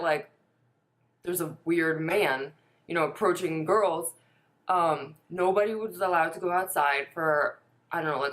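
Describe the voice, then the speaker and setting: A woman in her twenties telling a personal story in a casual, chatty way, swearing now and then and saying "like" a lot. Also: fairly low pitch. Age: 20s. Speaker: vlogger.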